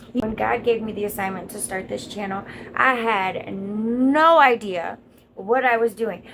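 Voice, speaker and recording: A woman's voice: on the high side, gravelly, a bit bright, a little hiss or hum, rough recording. A woman content creator giving an earnest, encouraging motivational monologue straight to her viewers.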